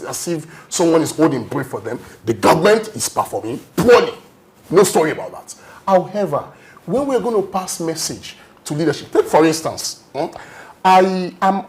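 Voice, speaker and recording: A man arguing emphatically as a guest in a panel debate, lecturing and often checking "you understand?". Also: high voice.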